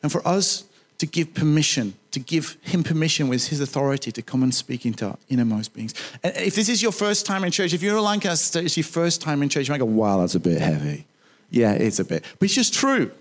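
In church, a male pastor preaches a chatty, animated sermon, tossing humorous asides to the congregation. His voice is a little high and a little fast.

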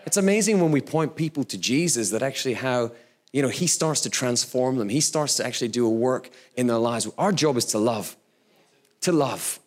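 A man in his thirties, a pastor preaching a sermon in a conversational, storytelling way with occasional laughs. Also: mid-range voice.

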